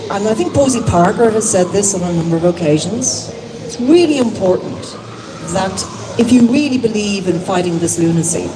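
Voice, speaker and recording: A woman from Ireland with an Irish accent, giving an earnest public speech outdoors, pausing often with ums. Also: medium pitch. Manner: earnest, halting with many ums. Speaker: rally speaker. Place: outdoor public speaking event. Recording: distant mic with loud street noise.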